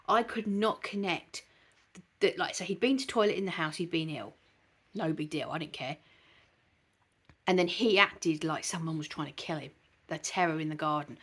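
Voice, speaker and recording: A woman hosting a dog channel, talking earnestly and from the heart to her viewers, with frequent hesitations. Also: on the low side. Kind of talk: casual vlog talk to camera.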